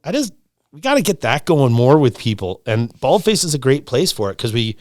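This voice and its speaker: Middle-aged man, podcast guest, excitable rambler, mid pitch, dry close mic. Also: brisk, dry recording. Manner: animated, rambling, swearing, repeating himself. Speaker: lodge owner, podcast guest. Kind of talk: casual podcast conversation.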